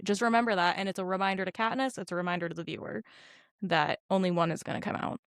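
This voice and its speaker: On a casual podcast, a woman co-host walks through a film scene by scene, laughing often and acting out quotes in an animated way. Her voice is fairly low and fast, and the recording is dry and of studio quality.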